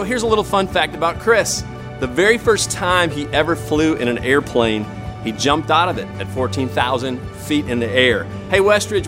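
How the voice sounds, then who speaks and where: A man introducing a guest speaker on a church stage, upbeat and full of praise. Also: mid-range voice.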